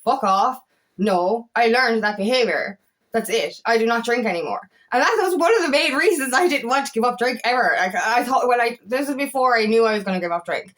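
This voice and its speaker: Irish woman from kerry ranting about self growth, swears loads, bit high voice. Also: animated, fairly quick, a bit bright. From Ireland. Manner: passionate, swears often, apologizes and laughs. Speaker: feminine empowerment coach. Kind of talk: casual spiritual vlog monologue.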